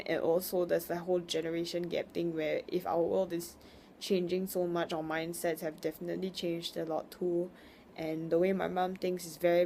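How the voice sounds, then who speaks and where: A young woman rants frankly in a loose, rambling vlog, swearing as she goes. Her voice is mellow and warm, with faint room noise behind her. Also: lowish voice, creaky. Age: young adult. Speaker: vlogger. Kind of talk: casual venting monologue.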